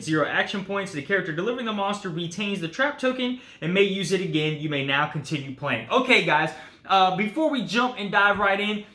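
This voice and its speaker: Chatty bright-voiced male board gamer. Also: high-pitched, reverberant. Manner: chatty, says guys and uh often. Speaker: board game channel host. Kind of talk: casual solo playthrough talk.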